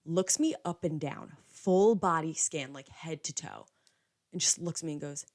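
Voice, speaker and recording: A young woman with a strikingly low voice hosts a casual podcast monologue, speaking at a moderate pace with a darkish tone. Her talk is loose and chatty, packed with "like," and she slips into quoted dialogue while retelling events.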